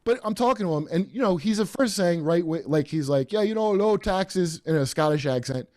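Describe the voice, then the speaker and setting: Rambling, animated male podcast host. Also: a little high, fairly quick, dry recording, studio quality. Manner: rambling, animated, many fillers and restarts. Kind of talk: casual chat.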